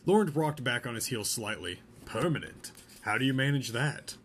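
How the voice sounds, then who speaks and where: A man reading a novel chapter aloud in a relaxed way, stopping now and then to joke about the story. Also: mid-range voice, normal speed, a little hiss or hum. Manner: reads a novel aloud, breaks off for joking asides. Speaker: podcast host reading aloud. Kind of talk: casual read-aloud with asides.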